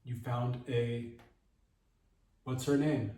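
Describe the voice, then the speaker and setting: A man's voice: medium pitch, fairly even intonation, drawn-out words, mellow. Man, comedy monologue, rambling, self-interrupting, echoey room, far from the mic. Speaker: comedy podcast host.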